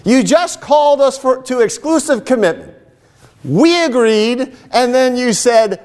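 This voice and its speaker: A man preaching a sermon, telling stories and rising into emphatic, animated lines. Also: very high-pitched, measured pace. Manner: animated storytelling with emphatic rises. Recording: long hall reverb.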